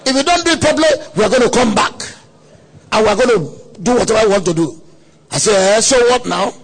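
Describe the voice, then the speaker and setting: A man preaching a sermon at a conference, telling a story dramatically with quoted voices and sudden shouts. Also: sits high, expressive, fast, vocal fry, breathy edge. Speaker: pastor. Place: conference hall.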